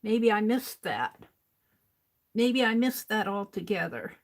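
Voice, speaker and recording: An older woman hosting an art livestream, chatting casually to herself as she works and counting items out loud. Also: medium pitch, lively intonation. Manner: unhurried, talks to herself while working, counts items aloud. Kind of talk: casual crafting livestream chat.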